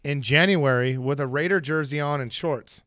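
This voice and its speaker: Middle-aged male podcast regular, raunchy storyteller, bright tone, dry mic. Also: a little high, moderate pace, no room sound. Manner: profane, laughing, acts out quotes. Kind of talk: casual storytelling chat. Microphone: studio mic.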